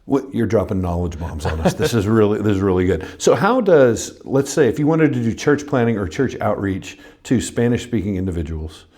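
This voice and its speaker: A man hosting a pastors' podcast, asking his guest questions in a relaxed, joking way. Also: lowish voice, a little fast, few pauses. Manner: asks questions, jokes easily. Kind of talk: interview-style podcast conversation.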